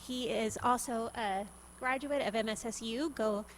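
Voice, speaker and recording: A woman's voice: a little high, unhurried, a little hiss or hum, poor audio. A woman, a state senator, introducing and endorsing a nominee at a legislative hearing, a little out of breath. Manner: warm, slightly breathless endorsement. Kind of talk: formal remarks.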